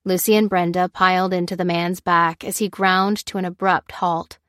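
In even, measured storytelling, a lowish-voiced woman works through scripted narration at normal speed. Studio-clean audio, free of echo.

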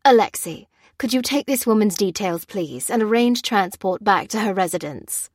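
A woman voicing a grandfatherly older male scientist in an audiobook, courteous, soothing and calmly in charge. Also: medium pitch, moderate pace, dry recording, studio quality, lightly acted. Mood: genial.

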